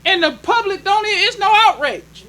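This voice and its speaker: A man's voice: very high voice, lively intonation, normal speed, bright, forceful tone. A male minister preaching a sermon in an emphatic, conversational way, drawing call-and-response from the congregation.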